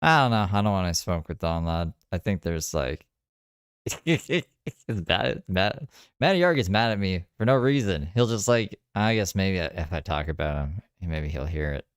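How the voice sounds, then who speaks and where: A man's voice: low-pitched, expressive, normal speed, clear, resonant tone, dry recording, clean studio sound. A man casually reacting to and commenting on a livestream, rambling and joking.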